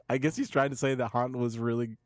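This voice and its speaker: A man in a relaxed podcast chat, reading out messages one after another and chuckling between them. His voice sits in a middle range and is recorded close and dry, with no room sound at all. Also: medium pitch, normal speed, no echo. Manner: reads tweets aloud with frequent laughs and restarts. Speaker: podcast co-host reading news. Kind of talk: casual chat.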